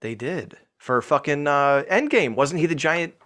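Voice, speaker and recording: A man's voice: fairly high pitch, animated, unhurried, a bit bright. A man co-hosting a casual comedy podcast, throwing in dry joking remarks. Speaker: podcast co-host.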